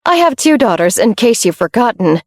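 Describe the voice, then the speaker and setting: A woman's voice: on the high side, big pitch swings, fairly quick, dry recording. A wealthy middle-aged father, stern and protective, who lays down the law in a firm, scolding voice, read by a woman narrator. The storybook delivery stays clipped and dry, close to the mic.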